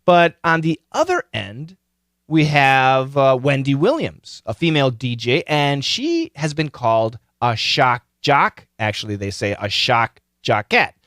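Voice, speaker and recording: A man hosting a podcast, giving casual advice in an animated, explanatory way. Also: a little slow, dry recording, clean studio sound. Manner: animated, explanatory, pitch leaping on key words. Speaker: podcast host.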